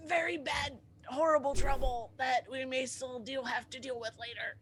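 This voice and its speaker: A woman playing in a live tabletop game, chatty and quick, describing her character's moves. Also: sits high, steady tone, a bit bright. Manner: quick, chatty, laughs often. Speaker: player. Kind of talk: casual tabletop play.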